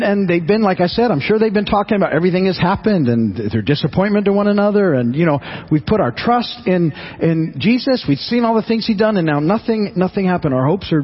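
A man's voice: high voice, breathy edge, muffled recording. A man preaching a sermon in an earnest, conversational way, often restarting and repeating his words. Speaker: pastor.

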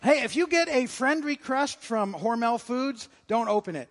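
A man's voice: very high-pitched, expressive, normal speed, long reverb tail. A man preaching a sermon as pastor, conversational and jokey, with frequent restarts. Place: church sanctuary.

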